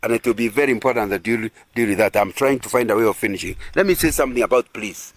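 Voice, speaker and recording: A man's voice: on the low side, fast talker, no room sound. A man preaching at a couples' retreat, earnest and repetitive, often asking the audience if they agree. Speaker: pastor.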